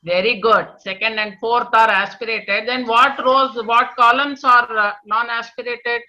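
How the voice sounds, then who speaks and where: A woman teaching children in an online class, patiently repeating answers, praising pupils and chanting verses slowly for them to echo. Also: a little high, fairly even intonation, sharp tone. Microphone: video call. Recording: dull lo-fi online call.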